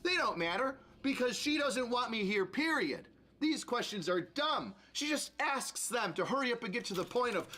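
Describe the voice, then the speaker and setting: Guy streaming a reaction vid, mocking and ranty, pitch bouncing all over. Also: moderate pace. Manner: mocking, animated, ranting. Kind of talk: sarcastic reaction commentary.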